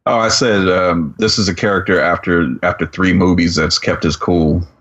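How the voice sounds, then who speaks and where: A man's voice: low-pitched, steady tone, normal speed, a bit bright, dull audio. A man co-hosting a podcast, adding short comments and questions in casual chat. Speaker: podcast co-host.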